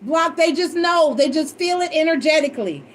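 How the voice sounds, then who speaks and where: Brief: high-pitched woman reader, loose emotional chat, salty language. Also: moderate pace, slight background noise. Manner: animated, emotional and swearing freely. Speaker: tarot reader. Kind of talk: casual storytelling chat.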